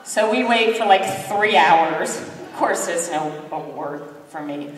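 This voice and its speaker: A middle-aged woman giving a keynote talk, telling a story in an animated, self-mocking way and acting out the voices of others. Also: fairly low pitch, takes it slowly. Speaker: keynote speaker. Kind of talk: lively storytelling speech. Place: large sports hall. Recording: echoey hall from far off.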